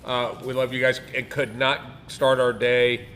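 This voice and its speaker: A man's voice: medium pitch, level tone, measured pace, a bit bright. A man co-hosting a casual livestream in a cigar shop, joking around in a boisterous way. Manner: joking, boisterous, does mock accents.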